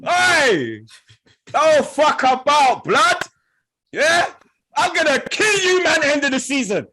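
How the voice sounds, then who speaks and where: A man's voice: very high-pitched, sing-song, takes it slowly, sharp tone, a little hiss or hum. A young man, hosting a football podcast and trash-talking rival fans in heated, laughing banter.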